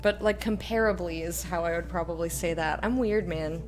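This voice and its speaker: A woman's voice: lowish voice, fairly even intonation, brisk, soft background music. Chatty woman rambling over gameplay. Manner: rambling, chatty, self-mocking. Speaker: let's play streamer. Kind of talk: casual gameplay commentary.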